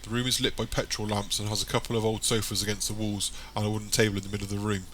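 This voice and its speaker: A man reading an audiobook chapter in plain, even scripted narration. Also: fairly low pitch, racing, a little hiss or hum.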